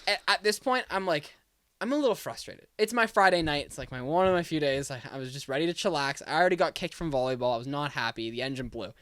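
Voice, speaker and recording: A young man on a podcast telling a long story, animated and acting out both sides of the conversation. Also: fairly high pitch, quick pace, smooth, no echo, clean studio sound. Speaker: podcast co-host. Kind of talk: casual storytelling.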